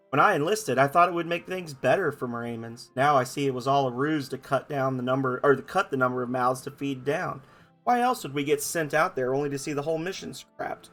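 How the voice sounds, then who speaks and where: A man hosts a game playthrough, reading every character's lines aloud in playful voices and making self-mocking jokes about his reading. His voice is medium-pitched and a bit bright, at a normal speed, with soft background music.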